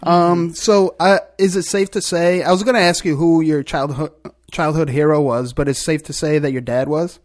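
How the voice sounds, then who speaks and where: A man's voice: fairly high pitch, steady tone, moderate pace. A man hosting a podcast, chatting casually and laughing a lot while asking his guest questions. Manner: laughs a lot, easygoing interviewer. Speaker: podcast host. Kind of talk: casual chat.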